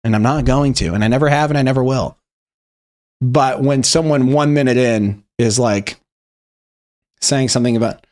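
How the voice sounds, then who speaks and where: A young man streaming, chatting casually and joking as he reviews memes in quick rambling asides. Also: mid-range voice, darkish tone. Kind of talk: casual chat.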